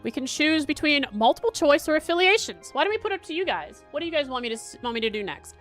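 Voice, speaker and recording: A young woman livestreaming as she plays a quiz, chatting casually and thinking aloud with halting restarts. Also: high-pitched, sing-song, a bit bright, soft background music. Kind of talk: casual livestream chat while playing a quiz.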